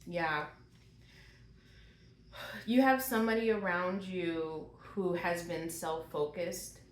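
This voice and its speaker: A woman's voice: on the low side, slow. A woman giving a channeled tarot reading, asking questions aloud and exclaiming. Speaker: tarot reader. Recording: roomy with faint noise.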